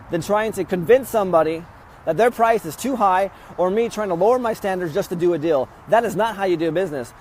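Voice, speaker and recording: A man's voice: high-pitched, darkish tone, a little hiss or hum. A man hosting a real estate investing podcast, telling a story bluntly and acting out quoted exchanges, recorded outdoors. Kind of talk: casual motivational monologue.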